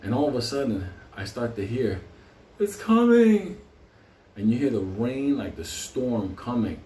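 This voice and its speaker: A man's voice: mid-range voice, moderate pace, mellow. A man telling a long profane anecdote, often breaking into laughter. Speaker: vlogger. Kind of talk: casual storytelling. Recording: roomy sound, mic at a distance.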